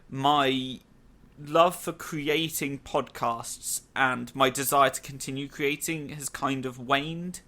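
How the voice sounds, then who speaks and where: Young British male podcast host, bright forward tone, rambly with lots of "like"s. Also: fairly high pitch. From Britain. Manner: rambling, many "like" fillers, quick bursts. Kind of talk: casual podcast chat.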